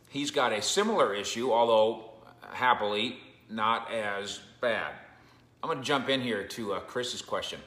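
Man, sports reporter, casual commentary, sharp bright tone, roomy echo. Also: mid-range voice. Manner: conversational and joking, with frequent asides.

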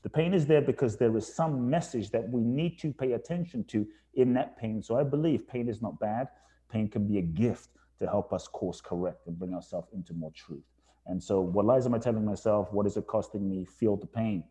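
A man's voice: lowish voice, moderate pace, mellow. A man guesting on a podcast, telling his life story earnestly and emphatically, often repeating phrases for effect. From England. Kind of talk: reflective storytelling interview.

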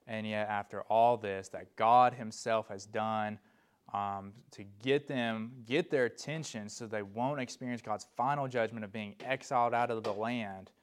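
Clear-voiced male Bible teacher. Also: lowish voice. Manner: explanatory, reads scripture aloud with emphasis. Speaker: preacher.

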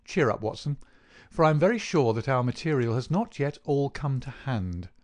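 A man's voice: medium pitch, lively intonation, darkish tone, close to an everyday voice. A man voicing a precise, reserved male detective in an audiobook reading. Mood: measured. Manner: measured, precise. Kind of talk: audiobook character voice.

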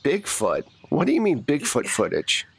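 A man playing a cold male government interrogator who speaks in calm, condescending threats. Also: fairly high pitch, normal speed, husky, no room sound, full character voice. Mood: dismissive.

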